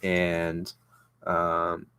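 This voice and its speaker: Deep-voiced young man, rambling. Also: completely flat delivery, drawn-out words, bright, forceful tone, slight background noise. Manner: rambling, many fillers and restarts. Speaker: vlogger reviewing whisky. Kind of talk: casual unboxing chat.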